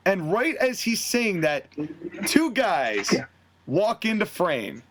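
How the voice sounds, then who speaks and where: A man with a fairly high voice hosts a casual podcast, retelling a wrestling storyline with lots of animation. He slips into different voices for each character's lines as he narrates. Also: slow, a little hiss or hum. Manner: animated storytelling, acting out quotes in shifting voices. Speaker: podcast host. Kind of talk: casual recap of a fantasy wrestling booking.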